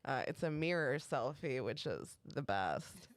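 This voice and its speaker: A woman's voice: extremely low pitch, measured pace, no echo. Woman co-host, casual comedic chat, takes her time, dead dry mic. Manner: animated storytelling, frequent laughter. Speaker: podcast co-host.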